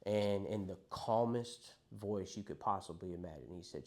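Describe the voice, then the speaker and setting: Young guy sharing his recovery story, lowish voice, swears a lot, just talking to the group. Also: moderate pace, few pauses, darkish tone. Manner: candid, profane, conversational storytelling. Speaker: recovery speaker.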